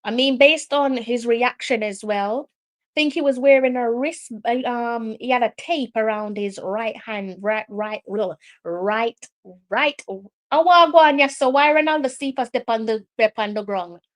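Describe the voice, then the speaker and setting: A woman with a Jamaican accent hosting a live football watch-along, excitable and exasperated, slipping into patois. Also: a little high, unhurried. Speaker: live stream host.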